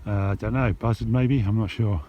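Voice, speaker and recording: A man talking casually to his camera while hiking over hills outdoors, relaxed and chatty, sometimes out of breath from the climb. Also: lowish voice, brisk, background noise. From England. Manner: relaxed, chatty, thinking aloud with fillers. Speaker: hiking vlogger. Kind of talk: casual walking commentary to camera. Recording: dull lo-fi sound with music behind. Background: background music.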